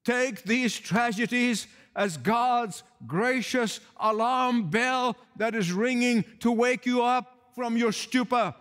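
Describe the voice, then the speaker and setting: A man's voice: extremely high pitch, slow, few pauses, fairly bright tone, big-room sound. A man preaching a sermon in an emphatic, pleading way, repeating key phrases for weight. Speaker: pastor.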